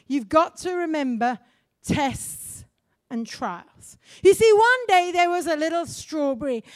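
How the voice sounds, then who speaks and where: High-voiced woman preaching with flair. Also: dry recording, studio quality. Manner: animated, asks the congregation questions. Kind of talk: sermon storytelling.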